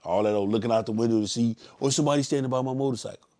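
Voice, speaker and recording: A man with a Southern US accent, leading a motorcycle club ride and briefing riders in a casual live stream. He talks bluntly and in a preachy way, and now and then bursts into loud yelling. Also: medium pitch, very fast.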